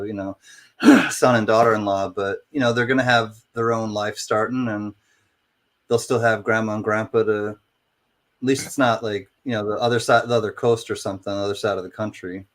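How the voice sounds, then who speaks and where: A man co-hosting a casual livestream chat, giving easygoing shout-outs to viewers. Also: fairly low pitch. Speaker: co-host.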